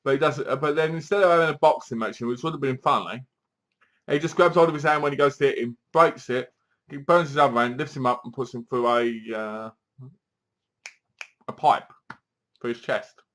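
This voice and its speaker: A man giving a casual, animated movie review, acting out lines from the film as he goes. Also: medium pitch, moderate pace, pauses often.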